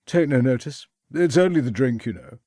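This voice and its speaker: A man's voice: mid-range voice, lively intonation, normal speed, dark tone, no room sound, studio quality, pitched above the performer's own voice, lightly acted. A male audiobook narrator voicing a tipsy, rambling young upper-class man who slurs and chatters on in self-pity. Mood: sheepish. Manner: slurring, chatty, self-pitying.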